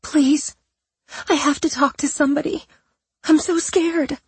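A woman voices a scheming young woman faking terrified sobs on a phone call, her shaky, quavering voice pleading in mock panic. The delivery is animated at a moderate pace, extremely high-pitched and raised above her natural voice, with no echo.

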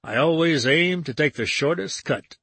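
A man voicing an easygoing young man who talks in a slow, unhurried drawl. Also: on the high side, expressive, fairly bright tone, slightly rough, dry recording, full character voice. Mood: easy.

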